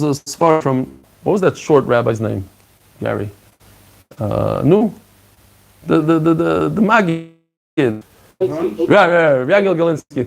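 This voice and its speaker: A man giving a lively Talmud class, acting out the dialogue and mixing in Hebrew and Aramaic terms. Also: on the high side, creaky. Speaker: Talmud teacher.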